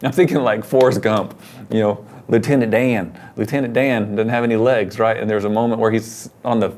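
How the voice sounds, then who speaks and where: Earnest, animated pastor telling stories. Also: male voice, lowish voice, fairly quick. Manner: earnest storyteller, animated when quoting. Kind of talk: casual conversation about faith.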